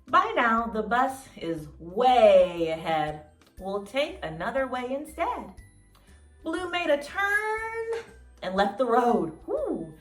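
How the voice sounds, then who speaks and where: An enthusiastic woman teaching preschoolers, with a high voice that swings in sing-song arcs and an unhurried pace. She sounds roomy and set back from the mic, with faint music behind her. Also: big pitch swings, far from the mic. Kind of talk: teaching toddlers and reading a picture book aloud.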